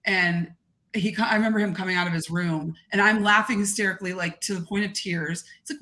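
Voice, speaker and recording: A gregarious, expressive woman talking casually as a podcast guest. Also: mid-range voice, fast. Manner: gregarious, animated, expressive talker. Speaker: guest content creator.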